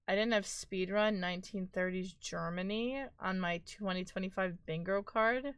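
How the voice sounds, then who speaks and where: A woman's voice: mid-range voice, normal speed, few pauses, fairly bright tone, clean tone, dry recording, clean studio sound. A woman hosting a live stream, chatting casually with viewers in a playful, teasing, mock-dramatic way. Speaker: livestream host.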